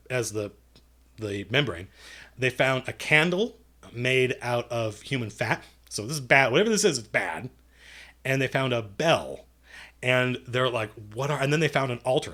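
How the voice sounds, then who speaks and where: A man's voice: mid-range voice, fairly bright tone. A man who runs tabletop games, answering viewer questions in a casual livestream. He rambles, corrects himself and makes dry jokes. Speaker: game master and writer answering viewer questions.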